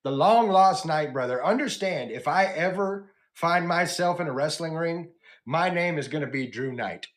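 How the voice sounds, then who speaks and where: A man hosting a casual wrestling podcast, animatedly retelling match highlights and chatting with his co-hosts. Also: lively intonation, moderate pace. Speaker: podcast host. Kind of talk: casual wrestling recap chat.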